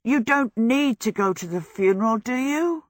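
Eager teenage boy apprentice, bright and keen, voiced by a woman, higher than the reader's own voice, quick and lively. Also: no echo, studio quality, close to an everyday voice. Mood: anxious.

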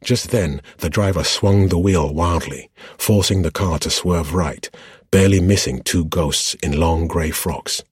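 A man narrating a fantasy novel as an audiobook in a steady, measured way. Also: sits low, slightly rough, dry recording, clean studio sound.

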